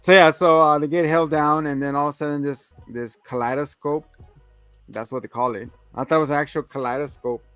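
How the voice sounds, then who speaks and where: A man's voice: a little high, steady tone, brisk, fairly bright tone, smooth, dry recording, faint music behind. A man co-hosting a casual movie review chat, rambling through a plot recap with filler words and swearing. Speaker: podcast co-host.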